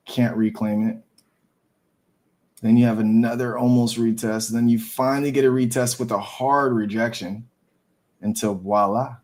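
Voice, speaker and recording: A man hosting a live trading stream, talking excitedly with lots of slang and swearing. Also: mid-range voice, normal speed. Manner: excitable, profane, calls everyone dude and bro.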